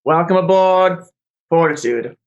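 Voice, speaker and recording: A man's voice: fairly high pitch, measured pace, lo-fi sound, lightly acted. A man voicing a tough, no-nonsense woman who runs a train and lays down the rules. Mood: blunt. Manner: gruff, blunt orders.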